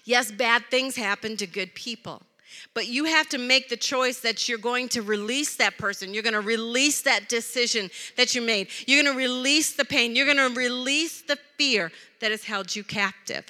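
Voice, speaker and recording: Bright high-voiced woman preaching. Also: moderate pace. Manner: conversational, animated storytelling with humor. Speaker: preacher, pastor's wife. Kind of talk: sermon with storytelling. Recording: long hall reverb.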